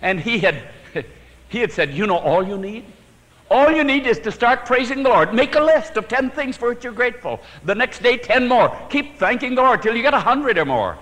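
A man preaching a sermon, telling his own story with sudden swings from emphatic to hushed and chuckling at his own jokes. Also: very high-pitched, sing-song, moderate pace, big-room sound, poor audio.

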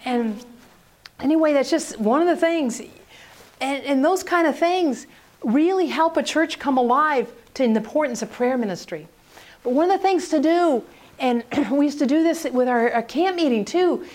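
High-voiced woman telling a lively story. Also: moderate pace. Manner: animated, acts out quoted voices. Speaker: speaker on prayer ministry. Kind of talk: storytelling talk.

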